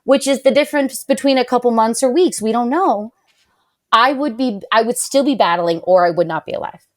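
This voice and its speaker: A young woman, a podcast guest and patient advocate, telling a personal story with feeling, lots of "like", and lively quoted voices. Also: a little high, brisk. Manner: animated, heavy use of "like", quotes others in raised voice.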